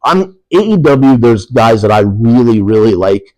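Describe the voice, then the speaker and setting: A medium-pitched, slightly mellow male voice, very animated at a moderate pace, on a low-quality recording without echo. The speaker is a middle-aged wrestling guest with an Upper Peninsula Michigan accent who rambles and laughs easily in casual podcast chat.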